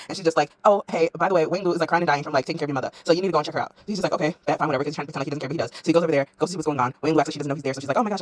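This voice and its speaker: A young woman retelling a drama's plot in breathless, slangy fashion, acting out each character with quick "she's like" quotes. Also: fairly low pitch, a little mellow, no room sound. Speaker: drama review vlogger. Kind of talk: fast slangy plot recap.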